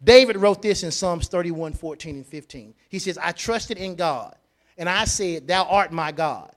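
Man, high-pitched, pastor preaching, repetitive, quiet to loud swings. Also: normal speed. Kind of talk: sermon.

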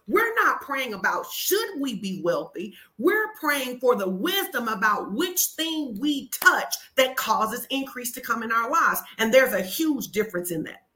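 Female pastor, slightly high and bright, direct and urgent in conversational preaching. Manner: forceful, urging listeners directly. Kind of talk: conversational sermon.

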